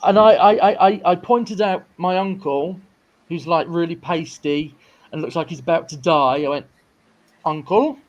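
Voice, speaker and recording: High-voiced man telling stories. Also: normal speed, dull audio. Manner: rambling anecdotes with stammered restarts. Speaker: filmmaker guest. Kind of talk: casual interview chat.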